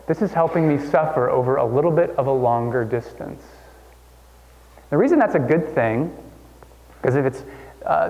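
A man's voice: mid-range voice, a little mellow, in a large hall, highs cut off. A man preaching a sermon as a pastor, conversational and self-deprecating, with many restarts.

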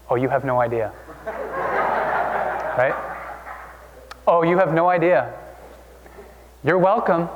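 A male pastor from Oregon preaching a sermon in a conversational way, often repeating himself and restarting with fillers. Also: on the high side. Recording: dull sound with long hall reverb.

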